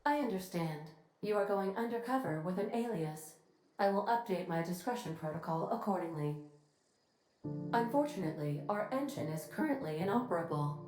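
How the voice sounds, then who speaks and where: A woman voicing a polite, literal-minded female ship computer in a video game, speaking in a formal, precise, evenly measured way. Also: mid-range voice, lively intonation, a little mellow, lightly acted. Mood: courteous. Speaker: ship's AI. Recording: echoey game audio with faint music.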